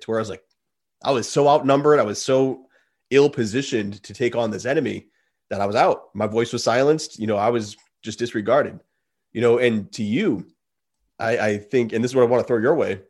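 A man's voice: medium pitch, darkish tone, slightly rough. Casual rambling male podcast host. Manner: rambling storytelling with many fillers. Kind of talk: casual interview talk.

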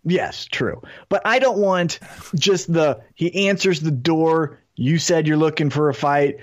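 A man with a fairly high voice co-hosts a casual podcast chat. He talks excitedly, swears freely and acts out the scenes he imagines. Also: a little slow. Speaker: podcast co-host.

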